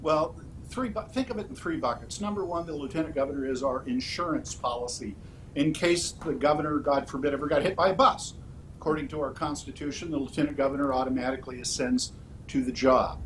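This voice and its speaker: A man in a candidate interview who answers in a measured, orderly way, often pausing on "uh" between points. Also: mid-range voice, a little hiss or hum, rough recording. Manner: measured, orderly, with frequent "uh" fillers. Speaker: political candidate.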